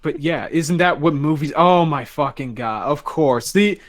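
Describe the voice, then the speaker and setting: A man chatting casually on a podcast over a voice call, excitable and swearing, often stumbling and restarting his sentences. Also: on the high side, measured pace.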